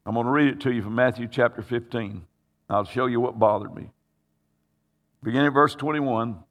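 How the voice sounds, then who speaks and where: A man's voice: medium pitch, fairly bright tone. A man preaching a sermon, telling a scripture story dramatically and acting out its voices. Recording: hall reverb.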